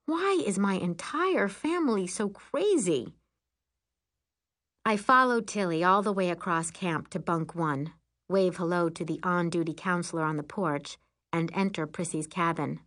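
A woman narrating a first-person children's story aloud, with an expressive sing-song lilt. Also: fairly low pitch, a little slow. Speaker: audiobook narrator.

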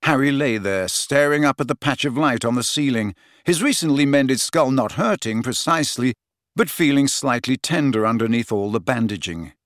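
A man's voice: medium pitch, moderate pace, no room sound. Man narrating an audiobook in a dry room. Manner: steady, expressive storytelling. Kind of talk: scripted narration.

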